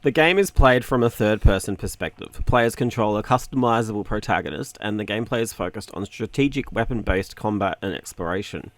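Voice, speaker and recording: Low-voiced Australian man reading quiz clues. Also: fairly quick, hardly any pauses, no room sound. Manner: reads clues with stumbles and laughs. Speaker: podcast host running a game-guessing quiz. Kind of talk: casual podcast banter, reading clues aloud.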